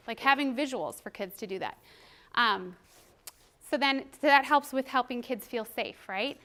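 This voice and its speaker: Woman presenter, high voice, animated trainer who acts out quotes. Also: unhurried.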